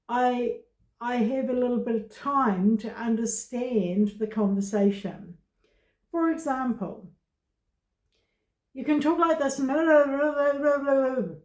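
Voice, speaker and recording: Slow, halting woman in an echoey room. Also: a little high, mellow. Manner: slow, halting, with frequent pauses and fillers. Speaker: vlogger sharing her aphasia experience. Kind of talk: casual personal talk to camera.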